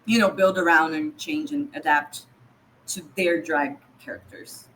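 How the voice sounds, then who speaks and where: A bright, forward voice belonging to a podcast co-host who talks in a loose, enthusiastic way. The speech is full of fillers and restarts, with a faint hiss behind it. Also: mid-range voice, fairly even intonation, a little slow, rough recording. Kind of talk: casual recap chat.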